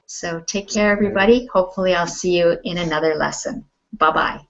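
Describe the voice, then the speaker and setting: A woman teaching English pronunciation online, patiently repeating words slowly and clearly for her students. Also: fairly low pitch, steady tone, dull audio, crowd noise.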